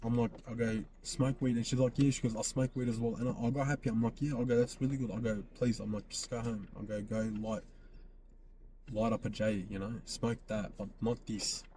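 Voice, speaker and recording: A man's voice: mid-range voice, flat delivery, fairly quick, warm tone, a little hiss or hum. A man hosting a podcast, telling a personal story in casual speech, often quoting himself and repeating phrases. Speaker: podcast host.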